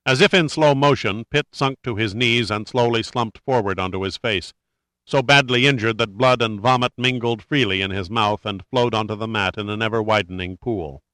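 A man narrating a dramatic audiobook in a measured, steady storytelling manner. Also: on the low side, dry recording.

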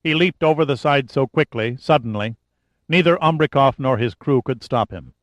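A man giving a steady, dramatic narration of a thriller audiobook. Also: mid-range voice, moderate pace, no room sound. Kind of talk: scripted narration.

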